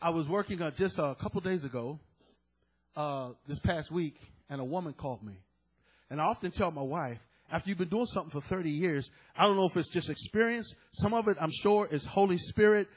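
A middle-aged man preaching a sermon, telling a story with animated quoted dialogue. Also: on the high side, fairly quick, husky, rough recording.

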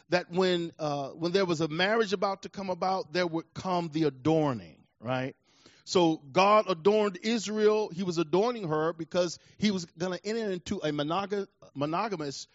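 A pastor preaching a sermon in a church, emphatic and repeating phrases to drive points home. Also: male voice, on the high side, no room sound, highs cut off.

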